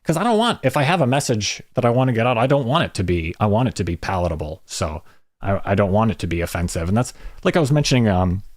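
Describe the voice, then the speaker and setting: A man's voice: on the low side, sing-song, fast, no room sound, studio quality. An American man hosting a casual livestream chat, rambling and self-deprecating as he greets viewers. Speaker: podcast host.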